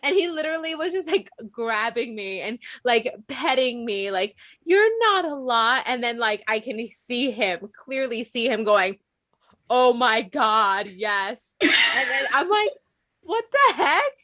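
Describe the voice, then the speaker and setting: A young woman's voice, a little high and unhurried, co-hosts a podcast. In casual conversation she tells lively stories, dramatizing quotes and often breaking into laughter.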